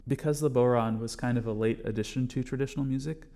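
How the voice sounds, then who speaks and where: A man's voice: mid-range voice, steady tone, fast. Patient man teaching drum strokes. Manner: patient, explains step by step, calls out strokes loudly. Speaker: bodhrán teacher. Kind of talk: music lesson, counting along with drumming.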